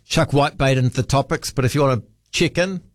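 A talkback radio host chats with callers in a rapid, chatty stream. He often restarts his words, and the sound is close and dry. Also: medium pitch, no echo. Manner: quick, chatty, stumbles over repeated words. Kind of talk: casual talkback radio hosting.

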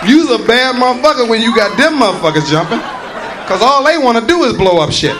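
Profane, very high-voiced comic man. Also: animated, a little fast. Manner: profane, swaggering. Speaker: stand-up comedian. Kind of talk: profane stand-up routine. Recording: live club with loud crowd noise.

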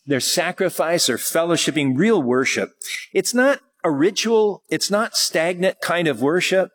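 A man's voice: a little high, expressive, measured pace, fairly bright tone. A man teaching verse by verse from the Bible, reading passages and then explaining them in a conversational way. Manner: conversational, with fillers and small laughs. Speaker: pastor.

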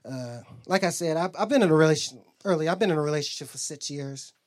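This young comedian talks fast in a fairly high voice during a profane stand-up routine. He tells stories and acts out what people said, and the audience laughs.

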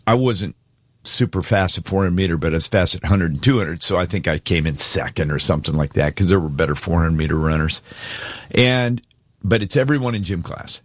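A man's voice: deep voice, no room sound. A man on a morning talk show, telling a heartfelt story in casual chat and choking up with tears as he goes. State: tearful. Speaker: radio show co-host.

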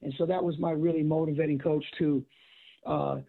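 High gravelly guy, husky, sounds like a phone line, coach telling stories. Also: normal speed. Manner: animated storyteller acting out quotes. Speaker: guest, author and former football coach. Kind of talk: casual storytelling conversation. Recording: tinny phone-like audio.

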